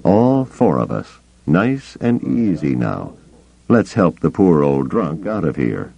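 A man voicing a sly adult male smuggler who talks slowly and quietly in a coaxing way, in a dull lo-fi recording. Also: extremely low pitch, big pitch swings, creaky, husky, heavily acted.

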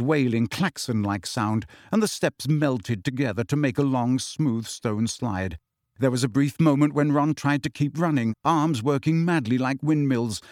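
A man narrating an audiobook in an expressive storytelling manner. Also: medium pitch, no echo, clean studio sound.

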